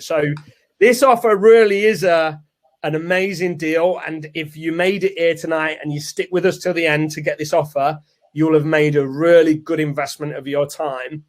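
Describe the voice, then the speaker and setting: Chatty man hosting a webinar. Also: a little high. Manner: chatty, salesy, upbeat. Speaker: webinar host. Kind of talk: live product launch webinar.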